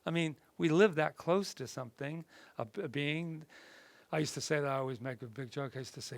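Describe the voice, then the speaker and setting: A man, a reverend, teaching a spiritual class in a relaxed, conversational way, often rambling and acting out little voices from his stories. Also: on the high side, a little fast, vocal fry, no echo. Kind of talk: casual spoken talk.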